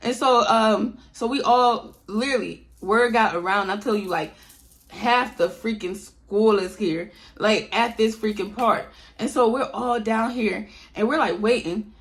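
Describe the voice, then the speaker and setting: A young woman with a fairly high voice tells her viewers a personal story at a measured pace, chatting casually and calling them "y'all." A storytime vlogger, she acts out the dialogue of the people in her tale.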